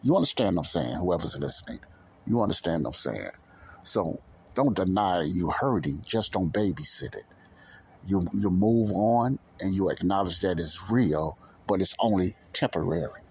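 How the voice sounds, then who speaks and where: Deep husky man hosting a faith podcast. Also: expressive, moderate pace, a little mellow. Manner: earnest, repetitive, restarts often. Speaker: podcast host. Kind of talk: casual Christian commentary.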